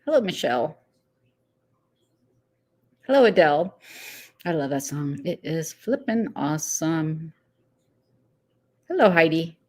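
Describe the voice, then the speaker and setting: A woman's voice: low-pitched, big pitch swings, slow, long pauses. A woman hosting a casual live stream, chatting loosely, laughing easily and greeting viewers one by one by name. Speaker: livestream host.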